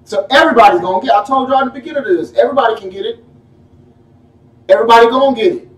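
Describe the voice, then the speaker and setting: A man preaching a sermon in a folksy, animated way, firing off rhetorical questions at his congregation. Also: very high-pitched, racing. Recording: echoey room, mic at a distance.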